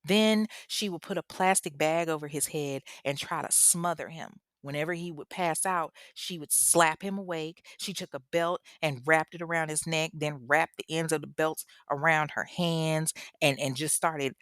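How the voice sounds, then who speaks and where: A woman's voice: deep voice, steady tone, normal speed, few pauses, a bit bright, no room sound, studio quality. A woman telling a true-crime story casually, swearing freely and speaking straight to her audience. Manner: casual, profane, addresses audience directly.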